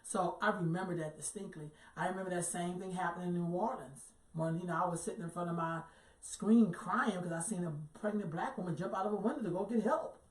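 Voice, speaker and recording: A woman's voice: fairly low pitch, fairly quick. A middle-aged woman co-hosting a casual talk show, telling stories in an earthy, emphatic way and swearing casually. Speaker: co-host. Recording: roomy echo, far from the mic.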